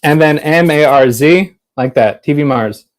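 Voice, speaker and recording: A man from Florida, a comic creator, chatting casually on a livestream with quick restarts. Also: on the high side.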